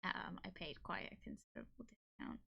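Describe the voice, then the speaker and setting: A woman streamer chatting casually to her viewers, excitable and giggly, rambling with lots of fillers. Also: fairly low pitch, a little fast, creaky, breathy edge, lo-fi sound. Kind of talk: casual live-stream chat.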